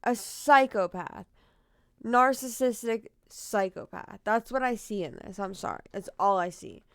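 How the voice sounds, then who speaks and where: A young woman tells a true crime story at an unhurried pace, emotional and openly angry, swearing freely as she reacts. Her voice sits in the middle of the range and is recorded dry and close, with no room sound. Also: mid-range voice, expressive, vocal fry, clear, resonant tone, no echo.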